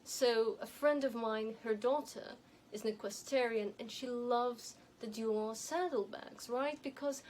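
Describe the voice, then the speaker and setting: Woman, light non-native accent, higher voice, measured and emphatic style advice, faint hiss. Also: a little mellow, poor audio. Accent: light non-native, elocution-trained. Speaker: image and style consultant. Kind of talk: advice monologue to camera.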